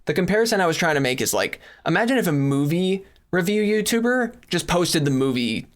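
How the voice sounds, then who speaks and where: His voice high with big pitch swings, a young man co-hosting a podcast rattles off a brisk, exasperated rant. He complains casually and swears a lot, occasionally sounding distant from the mic.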